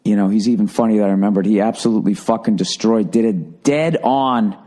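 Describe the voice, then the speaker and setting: A man's voice: on the low side, fairly quick. A man, hosting a podcast and telling a rambling, profane story in a casual monologue. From Boston area. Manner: profane, rambling, animated when quoting people. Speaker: podcast host.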